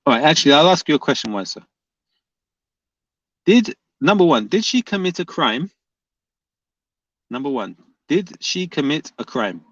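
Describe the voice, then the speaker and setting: A man's voice: fairly high pitch, very animated, moderate pace, long pauses, a bit bright, dry recording. A man hosting a livestream, pressing his chat with repeated questions and reading their comments aloud. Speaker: livestream host debating chat. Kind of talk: casual livestream debate. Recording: dull lo-fi dry sound.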